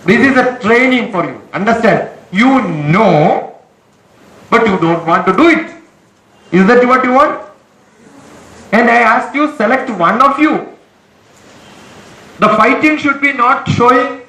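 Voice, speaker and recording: A very high-voiced man with a bright, sharp tone, lecturing a class. He is stern and commanding, repeating his orders over and over. The sound is echoey, as in a large room. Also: lively intonation, unhurried, pauses often. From India. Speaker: motivational trainer.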